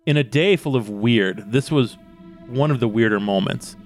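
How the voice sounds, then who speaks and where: A man's voice: medium pitch, normal speed, soft background music. A man co-hosting a podcast who jokes crudely and reads chapters of a book aloud. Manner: crude, joking. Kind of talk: casual chat and book reading.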